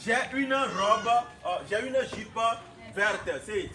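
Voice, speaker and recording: A man's voice: sits high, slow, a crowd in the background. A man teaching a French class, drilling words and having students repeat them. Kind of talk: classroom language lesson.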